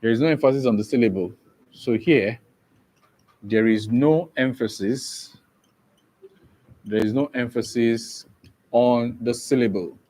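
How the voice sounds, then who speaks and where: A man's voice: mid-range voice, darkish tone. A man teaching an English exam-prep lesson, repeating each point and often asking if students understand. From Nigeria. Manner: slow, repetitive, checks understanding often.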